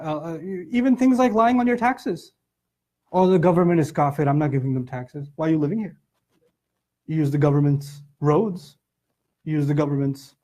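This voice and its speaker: A middle-aged man giving a Quran commentary lecture, telling stories and acting out the people he quotes. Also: a little high. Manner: animated storytelling, acts out quotes. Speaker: Islamic lecturer.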